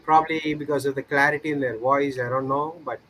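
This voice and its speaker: A man whose first language is not English, chatting casually and pausing to search for words. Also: medium pitch, steady tone, bright, forceful tone, slight background noise, low-quality recording. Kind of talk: casual chat.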